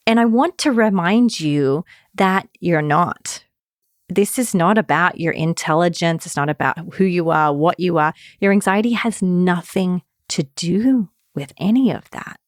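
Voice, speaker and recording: A woman's voice: mid-range voice, measured pace, no echo, studio quality. A woman therapist hosting a podcast, explaining in a conversational way and often checking in with the listener. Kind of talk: podcast talk.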